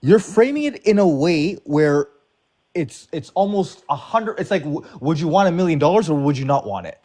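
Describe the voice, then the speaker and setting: A man's voice: on the high side, sing-song, normal speed, dark tone. A man on a live debate panel, pushing back earnestly and stumbling over restarts.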